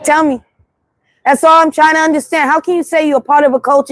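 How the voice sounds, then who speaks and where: Brief: high-pitched New York woman, blunt livestream host, dry close sound. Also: fast, no echo. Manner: animated, blunt, repetitive storytelling. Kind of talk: casual livestream monologue. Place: city street at night.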